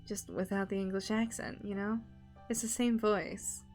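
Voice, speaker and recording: Young woman, streamer, casual rambling chat, frequent laughs, casual swearing, mid pitch, faint background music. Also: steady tone, moderate pace, darkish tone.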